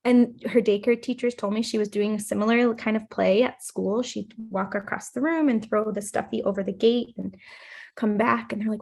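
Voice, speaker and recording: This woman in her thirties, a play therapist, speaks at a slightly quick clip in a mid-range, gravelly voice. She's recounting something from her own life on a podcast, animatedly performing each quoted voice.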